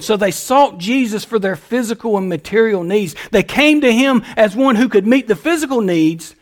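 A male pastor preaching a sermon in a folksy, emphatic way. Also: high voice.

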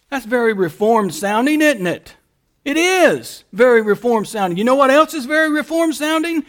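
A man with an unusually high voice delivers a sermon. He talks in an emphatic preaching manner, swinging from quiet, explanatory passages to loud, stretched-out calls. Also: lively intonation, moderate pace. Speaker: pastor.

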